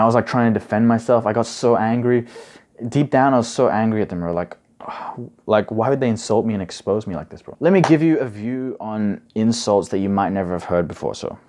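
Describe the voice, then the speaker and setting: A young man speaks in a slightly low voice, chatting through advice like a coach. He leans on "like" and "bro" constantly, loose and conversational. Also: darkish tone. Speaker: study coach. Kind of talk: casual advice monologue.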